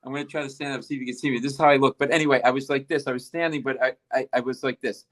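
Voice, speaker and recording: A man's voice: medium pitch, fairly even intonation, racing, a bit bright. A middle-aged male comedian, a guest, telling a self-deprecating story with lots of energy and acting out the dialogue. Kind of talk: comic storytelling.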